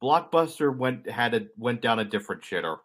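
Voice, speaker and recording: A man's voice: mid-range voice, sing-song, brisk, fairly bright tone. A young adult man co-hosting a podcast, explaining at length in a rambling, self-correcting way with dry humor. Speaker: podcast co-host. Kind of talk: casual explanatory chat.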